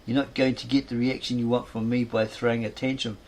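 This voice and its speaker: A man reading the lines of a calm, composed young actress who soothes an angry rival. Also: medium pitch, a little hiss or hum, close to an everyday voice. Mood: soothing. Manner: measured, soothing.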